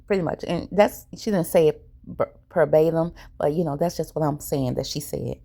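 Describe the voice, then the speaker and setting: A woman hosts a casual reality show recap. Her voice is low and mellow, and her delivery is chatty and sassy as she retells scenes and throws in the cast's lines. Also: normal speed, creaky.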